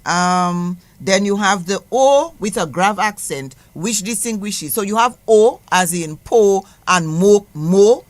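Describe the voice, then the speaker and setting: A woman teaches pronunciation on a radio program. She speaks slowly and patiently and repeats each example word. Her voice sits at a middling pitch. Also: lively intonation, dry recording. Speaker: guest language teacher. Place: radio studio.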